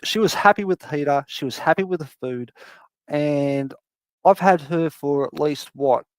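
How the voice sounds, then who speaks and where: Casting: a man with a raised voice, animated and foul-mouthed storyteller, close dry sound. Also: fairly high pitch, normal speed, smooth, no room sound. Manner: animated, swears a lot, acts out his cat's voice. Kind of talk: casual storytelling.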